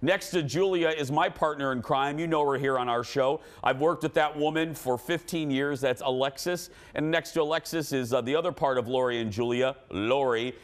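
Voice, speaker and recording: A middle-aged man hosting a TV talk show, telling loud, animated stories and laughing at his own jokes. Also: mid-range voice, normal speed, hardly any pauses. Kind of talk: casual chat, storytelling.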